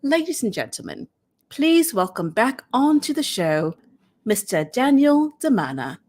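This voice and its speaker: A woman hosting a casual livestream chat show, friendly and quick to laugh. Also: a little high, big pitch swings, a little mellow. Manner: giggly, friendly. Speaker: host.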